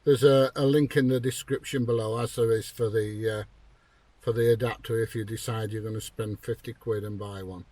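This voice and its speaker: A man's voice: on the low side, steady tone, moderate pace, a little mellow. A British man chatting casually in a product review vlog, rambling with plenty of fillers. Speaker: vlogger. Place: inside a vehicle, then at a computer.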